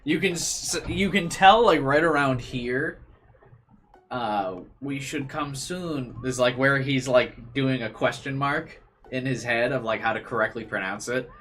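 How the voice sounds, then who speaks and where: A man's voice: mid-range voice, measured pace, fairly bright tone, soft background music. A man casually commenting on a visual novel game and reading its lines aloud, amused and chatty.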